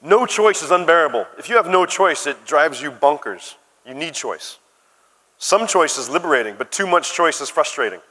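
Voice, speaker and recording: A middle-aged American man from Arizona gives a conference keynote, telling stories and tossing asides to the crowd. His voice is bright and forward, and it carries a long reverb from a big hall. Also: on the high side, expressive, moderate pace. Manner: conversational storytelling with asides to the audience. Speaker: conference speaker. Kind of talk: keynote talk.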